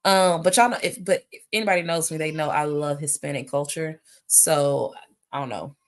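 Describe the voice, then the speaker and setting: Woman, 30s, low-pitched, animated, casual live-stream Q&A host. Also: moderate pace. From United States. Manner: animated, chatty, reads questions aloud, addresses viewers as y'all. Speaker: host answering viewer questions. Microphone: phone or webcam for a live stream.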